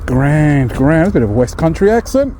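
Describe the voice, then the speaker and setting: A man's voice: fairly high pitch, big pitch swings, moderate pace, warm tone. A chatty, upbeat man vlogging as he haggles with sellers at an outdoor car boot sale, calling them darling and buddy. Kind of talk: casual walk-and-talk haggling. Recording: outdoor recording with background noise. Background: crowd and vehicle noise.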